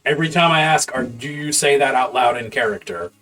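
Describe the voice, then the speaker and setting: A man's voice: mid-range voice, a little fast, bright, forceful tone. A man working as game master, thinking aloud as he preps a campaign on a live stream, muttering half-formed notes to himself and swearing casually. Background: faint background music.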